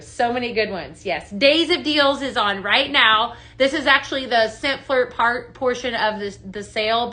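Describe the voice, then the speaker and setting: A woman's voice: fairly high pitch, sharp tone. A young adult woman hosting a live shopping stream, bubbly and chatty, often repeating little catchphrases as she shows products. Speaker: home fragrance seller.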